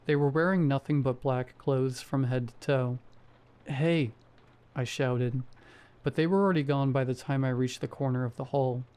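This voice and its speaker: A man reading a first-person horror story aloud in a steady storytelling manner. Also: medium pitch, normal speed, clean tone. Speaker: story narrator. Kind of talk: scripted horror narration.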